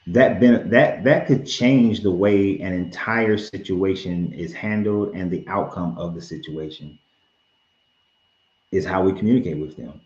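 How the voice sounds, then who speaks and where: A man with a very deep voice gives calm, patient advice as host of a live stream. His voice sounds roomy and a little dull. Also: unhurried.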